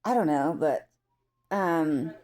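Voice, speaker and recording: A woman's voice: low voice, slow, darkish tone. A woman from the United States giving a rambling, opinionated commentary in a casual vlog, full of filler words. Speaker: vlogger.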